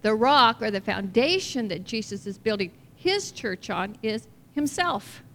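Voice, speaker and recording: A woman's voice: fairly high pitch, lively intonation, measured pace, fairly bright tone. A woman pastor preaching a conversational sermon to her congregation in a church, asking them questions along the way. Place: church sanctuary. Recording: reverberant hall, faint noise, level drops midway.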